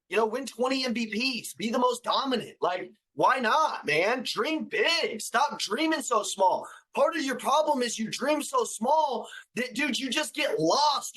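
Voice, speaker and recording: A man with a fairly high voice delivers a motivational talk to salespeople. He hammers his points with repetition, slang and casual swearing, often climbing into loud, driving shouts. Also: fairly quick, rough recording. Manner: emphatic, repetitive, slangy and profane. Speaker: sales trainer and motivational speaker. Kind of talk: motivational speech.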